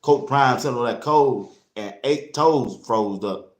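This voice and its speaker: A man hosting a casual sports talk show, blunt and animated, speaking straight to his listeners. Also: mid-range voice, slow. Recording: roomy echo.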